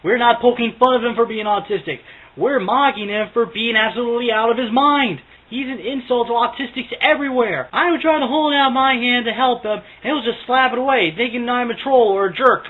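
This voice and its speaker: A man's voice: very high-pitched, brisk, narrow, tinny audio. A young man giving a mocking, smug commentary in which he insults his targets. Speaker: online commentator. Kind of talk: video commentary.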